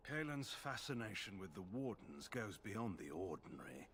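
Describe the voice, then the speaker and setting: An actor playing a stern, guarded middle-aged general, speaking in a cool, measured, condescending way. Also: male voice, fairly low pitch, big pitch swings, a bit bright, a little hiss or hum. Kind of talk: video game voice acting.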